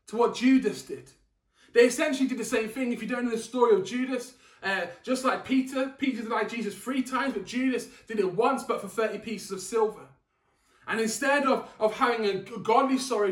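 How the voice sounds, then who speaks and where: A man preaching a sermon in an earnest, emphatic way, repeating key phrases for weight. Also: very high-pitched. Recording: echoey room, mic at a distance.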